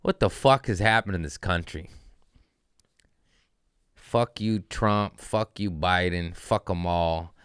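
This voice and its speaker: A man's voice: sits low, slow pace, long pauses, a bit bright, clean tone, dry recording, studio quality. A man doing a comedic podcast monologue, riffing casually and breaking into profane rants with self-mocking asides. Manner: profane ranting with rising outbursts.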